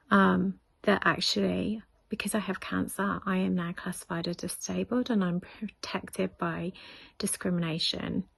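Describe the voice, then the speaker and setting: A middle-aged British woman recounting a painful personal story in a vlog, emotional and halting, often dropping to a near whisper. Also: lowish voice, vocal fry, husky, no room sound. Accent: British English. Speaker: vlogger.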